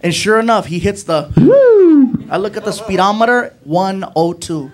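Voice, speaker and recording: High-voiced man doing stand-up. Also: moderate pace, crowd noise. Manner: animated, conversational, tags lines with "right?" and "man". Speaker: stand-up comedian. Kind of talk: stand-up storytelling. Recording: noisy live comedy club with audience laughter.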